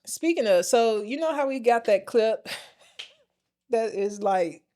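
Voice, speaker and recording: A woman's voice: on the high side, expressive, slow, warm tone. Blunt, chatty American woman podcaster. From United States. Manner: chatty, talks straight to listeners, folksy and blunt. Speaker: podcast co-host. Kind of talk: casual chat.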